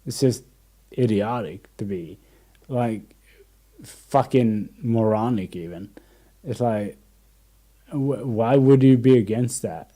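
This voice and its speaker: A young man chatting casually as a podcast host, with a mellow, dark-toned voice. He rambles through stories, restarts his sentences often and acts out what people said to him. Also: mid-range voice, slow pace, long pauses. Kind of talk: casual chat.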